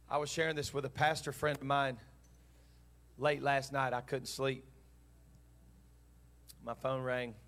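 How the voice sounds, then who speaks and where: A man's voice: mid-range voice, fairly bright tone. Earnest man preaching a sermon. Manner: earnest storytelling preacher, voices God and himself in dialogue. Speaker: pastor.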